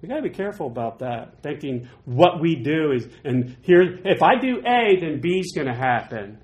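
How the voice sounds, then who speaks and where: A man teaching through Bible passages in a chatty, animated way, with quick asides. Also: fairly high pitch.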